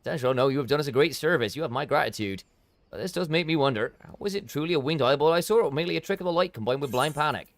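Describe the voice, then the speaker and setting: A man's voice: a little high, animated, fast, voice pushed up. A man voicing a plain-spoken northern villager from a fantasy game, in a broad Yorkshire accent. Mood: earnest. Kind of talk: reading game dialogue in voice.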